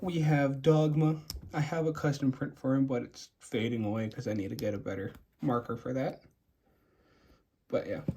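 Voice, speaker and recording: A man's voice: a little high, mellow, slight background noise. A young man casually showing and rating his custom toy figures, rambling with frequent fillers and restarts. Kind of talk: casual show-and-tell.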